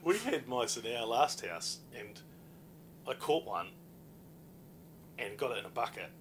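A young man hosting a casual podcast chat, animated, laughing often and swearing freely. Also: mid-range voice, a little slow, background noise.

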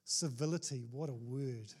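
A man preaching a sermon as pastor, animated and jokey, with sudden exclamations to the congregation. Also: medium pitch, normal speed, husky.

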